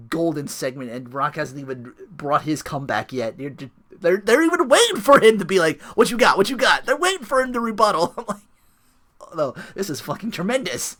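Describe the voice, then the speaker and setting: A man hosting a casual wrestling chat show, animated and laughing often as he acts out quotes. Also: fairly high pitch. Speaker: podcast host.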